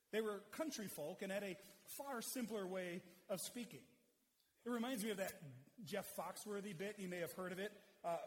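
A man's voice: high voice, slight background noise. A man preaching an expository sermon in a conversational, explanatory way. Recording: long hall reverb.

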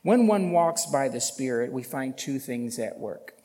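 A man's voice: mid-range voice, animated, a little slow, few pauses, warm tone, big-room sound. A man preaching a sermon as a pastor, emphatic, with rhetorical questions and bursts of force on key points.

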